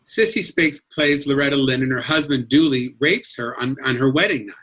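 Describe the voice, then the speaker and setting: A middle-aged man from Los Angeles, a comedian telling stories in a lively, animated way on a video call. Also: medium pitch, fairly quick. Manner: animated, jumps into character voices and accents. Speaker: guest comedian. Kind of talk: casual storytelling chat.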